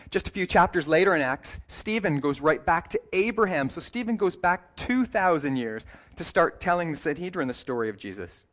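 A man preaching a sermon as pastor, talking in a relaxed, conversational way with light jokes and quick self-corrections, and slowing down to read scripture deliberately. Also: a little high. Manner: reads scripture passages slowly and deliberately.

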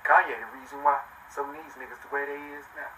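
Brash, bright-voiced older man. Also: fast. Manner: animated, brash, swears often, swings from loud to low. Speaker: podcast guest. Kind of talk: boastful storytelling in casual chat. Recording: distant mic with faint noise.

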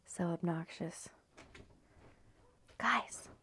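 A woman's voice: on the low side, very slow, sharp tone, slightly rough, no echo. A woman from California chatting loosely through a story recap, rambling and swearing, often sinking into a near-whisper. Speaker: video host recapping a story. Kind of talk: casual recap chat.

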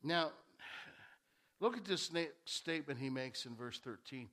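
A man's voice: on the high side, lively intonation, unhurried, fairly bright tone. A male pastor preaching a sermon in a church, talking conversationally and repeating key phrases for emphasis.

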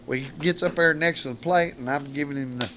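A man's voice: a little high, fast, a bit bright, slight background noise. A man, a podcast guest telling rambling, folksy stories and laughing through them. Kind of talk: casual storytelling.

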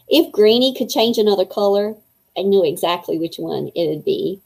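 A woman's voice: medium pitch, a little fast, rough recording. Woman reading a children's story aloud. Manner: expressive, voices each character.

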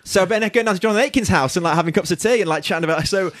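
A man, a guest in a studio, telling stories in a quick, animated way. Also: high-pitched, dry recording. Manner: rapid, animated storytelling with laughs. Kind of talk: casual chat.

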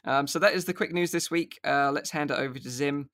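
A man's voice: a little high, a little fast, fairly bright tone, dry recording. A man hosting a casual podcast about VR news, chatty and filler-heavy. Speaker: podcast host.

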